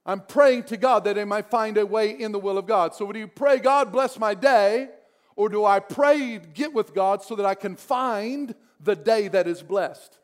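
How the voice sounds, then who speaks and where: A man pastor preaching a sermon, moving between soft prayer and emphatic, repeated phrases. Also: sits high, normal speed, hardly any pauses.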